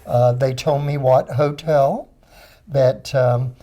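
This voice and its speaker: Mellow-voiced man telling a story. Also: mid-range voice, slow, lo-fi sound. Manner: animated, laughs while telling. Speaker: guest. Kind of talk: conversational storytelling.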